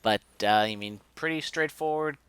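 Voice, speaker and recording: A man's voice: medium pitch, normal speed, a bit bright, smooth, no room sound. A man casually recapping a wrestling show as a podcast co-host, joking and ranting with mock outrage.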